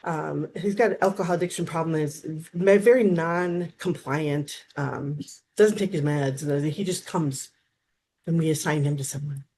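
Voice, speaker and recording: Speaking in a deep voice at a moderate pace, this woman in her fifties is a therapist guesting on a relaxed interview. She's animated, frequently restarts, and performs the dialogue she quotes; slight background noise can be heard.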